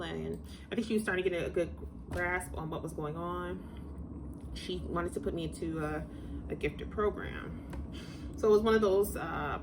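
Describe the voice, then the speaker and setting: A middle-aged woman telling a personal story to her viewers, chatty and digressive, getting animated when she recalls moments. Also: lowish voice, background noise. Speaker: vlogger telling personal stories. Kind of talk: casual storytelling to camera.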